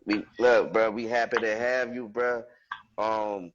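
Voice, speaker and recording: A man's voice: fairly low pitch, flat delivery, unhurried, highs cut off, heavy background noise. A man hosting a casual online show over a video call, hyping up his guest. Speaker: host.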